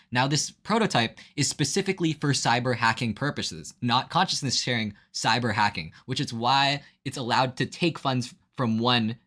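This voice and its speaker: A man's voice: medium pitch, a bit bright. A young man giving a casual, rambling spoiler review full of fillers, often checking in with the listener. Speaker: book reviewer.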